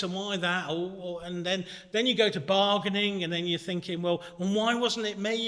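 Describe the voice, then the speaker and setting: A man delivering an earnest, conversational sermon in a church. His voice is fairly high and bright, and it carries a long reverb through the hall. He drops to a hush and then climbs back up. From Britain. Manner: earnest, conversational preaching with swings from hushed to shouting. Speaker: minister.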